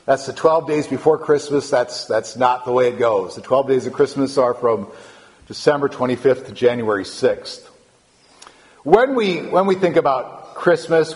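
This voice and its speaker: A man's voice: medium pitch, long reverb tail. A man preaching a conversational sermon as the pastor of a small church, often restarting phrases and building emphasis. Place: church sanctuary.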